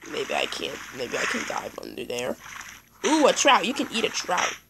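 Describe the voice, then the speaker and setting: A woman giving excitable let's play commentary, talking to the animals in her game as she plays. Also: mid-range voice, moderate pace, creaky, background noise. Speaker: gaming YouTuber.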